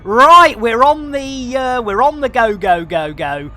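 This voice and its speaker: A woman's voice: fairly high pitch, animated, slow pace. Jokey woman game streamer. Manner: jokey, theatrical, shouts greetings. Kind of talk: live game stream chat.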